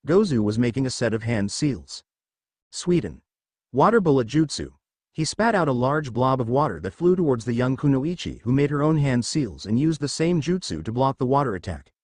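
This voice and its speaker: A male narrator reads a fan fiction story in a steady way. His pitch rises and falls with lively movement. The sound is close and dry, with no room echo.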